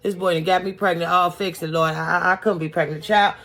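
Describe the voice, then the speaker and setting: A woman voicing a brash, defiant teenage girl who exclaims loudly and sassily in a retold story. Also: on the low side, fairly even intonation, brisk, soft background music. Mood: frantic. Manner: loud, sassy, exclaiming.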